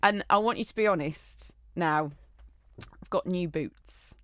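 A woman co-hosting a casual chat, telling stories in a chatty, animated way. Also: on the low side, a little slow, dry recording, clean studio sound.

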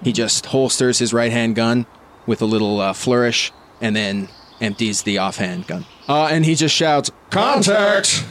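A man's voice: mid-range voice, normal speed. Man playing a tabletop game, faint background noise. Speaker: player. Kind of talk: casual tabletop play.

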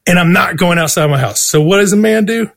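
A storytelling guest with a high, creaky voice talks a little fast, telling a story casually. He is animated, swears constantly, and laughs along throughout.

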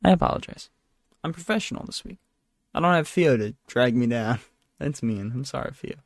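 A man's voice: mid-range voice, expressive, normal speed, no room sound, studio quality. A tired young man hosting a solo podcast, rambling and apologizing, talking into a handheld mic at his desk at home. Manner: rambling, self-deprecating, apologetic. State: tired, yawning. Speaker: podcast host. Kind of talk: solo casual podcast chat. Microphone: handheld microphone.

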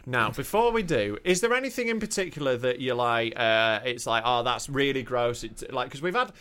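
Bright, animated male podcast host. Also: medium pitch, smooth. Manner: quick jokey interjections. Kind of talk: casual comedy chat.

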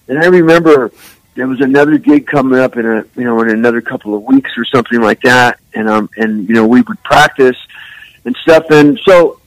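An older man from San Francisco, a musician guest, telling rambling, animated stories full of "man" and "you know.". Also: medium pitch, fairly quick, no echo, poor audio. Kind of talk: casual storytelling interview.

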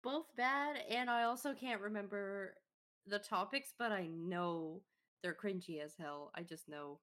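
A woman's voice: medium pitch, unhurried, a bit bright. A woman co-hosting a podcast, reacting playfully and giggling in a casual chat while playing a video game. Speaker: podcast co-host.

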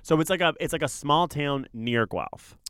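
A man chatting casually, asking quick questions and teasing his co-host. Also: on the high side, fairly bright tone, clear, resonant tone, no room sound, studio quality. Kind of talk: casual chat.

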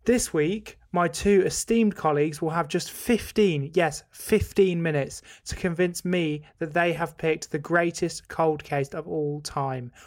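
Teasing podcast host. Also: male voice, on the high side. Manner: teasing, quick-fire jokes. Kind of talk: casual podcast chat.

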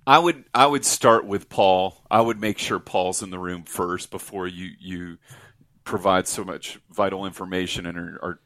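Male improv comic guest, lowish voice, relaxed and playful, close dry mic. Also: measured pace, no echo. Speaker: guest comedian. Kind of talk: casual comedic interview.

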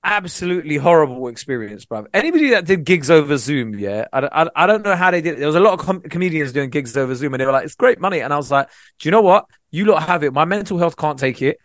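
Animated guy telling stories. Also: a little high, fast talker, no room sound, clean studio sound. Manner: animated storytelling with slang. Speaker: comedian, podcast co-host. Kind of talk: casual chat.

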